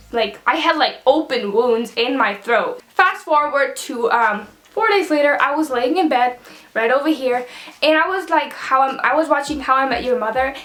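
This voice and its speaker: A woman's voice: high voice, fairly bright tone. A young woman, a native Dutch speaker, telling a chatty, dramatic storytime vlog with lots of "like" and casual swearing. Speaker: vlogger. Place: bedroom at home.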